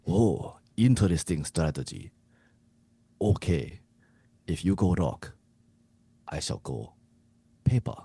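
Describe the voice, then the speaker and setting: A haughty old sensei coach played by a man speaks in grand, clipped, mock-formal phrases. The voice sits very low and dark, recorded close and dry in a podcast chat. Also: very animated, slow pace, creaky, pauses often, breathy edge, dry recording, full character voice. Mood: ceremonial. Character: stern old male sensei coach guarding a prize.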